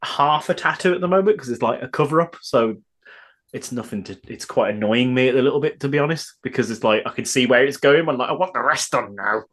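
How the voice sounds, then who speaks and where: A man's voice: medium pitch, quick pace, a bit bright. A man co-hosting a podcast in casual chat, laid-back with dry, sweary remarks. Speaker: podcast co-host.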